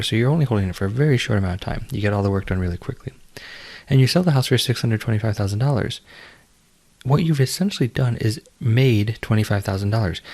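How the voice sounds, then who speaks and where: A man lecturing on finance in a measured, explanatory way, with fillers and restarts. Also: on the low side, a little mellow. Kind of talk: recorded lecture.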